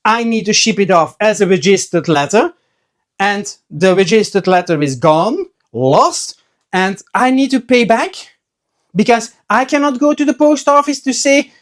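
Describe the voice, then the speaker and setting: A man who sells trading cards, talking casually to his viewers in a chatty, storytelling way, often restarting his sentences. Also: sits high. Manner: chatty storyteller, acts out quoted voices, frequent restarts. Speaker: trading card seller and video host. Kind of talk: casual talk to camera.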